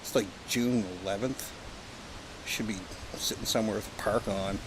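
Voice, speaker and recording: A man's voice: on the low side, steady tone, normal speed. Man, from Canada, casual rambling vlog chat, jokey and profane, outdoor campsite, wind and leaf noise behind. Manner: rambling, joking, profane, chatty. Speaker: pipe-smoking vlogger. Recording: outdoor recording with clear wind and background noise.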